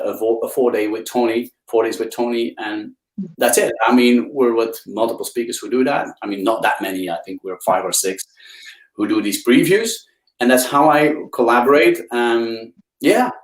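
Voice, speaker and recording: Animated Belgian man telling stories. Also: normal speed, reverberant, low-quality recording. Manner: enthusiastic storyteller, swings pitch up for emphasis. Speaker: guest speaker. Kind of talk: live interview chat. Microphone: video call.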